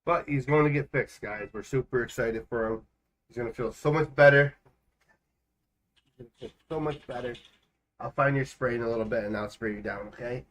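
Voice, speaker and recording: A man's voice: medium pitch, fairly bright tone. A man livestreaming a game from home, chatting in a rambling, joking way. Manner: chatty and rambling, quick jokes. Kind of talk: casual gaming livestream chat.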